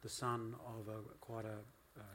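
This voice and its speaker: A man interviewing authors, asking measured questions with hesitations. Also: fairly low pitch, monotone, a bit bright, a little hiss or hum. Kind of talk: conversational interview.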